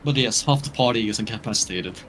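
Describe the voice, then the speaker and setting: A man's voice: lowish voice, fast talker, a bit bright, slight background noise. A man playing in a tabletop game, chatting casually, joking and swearing often. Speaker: player.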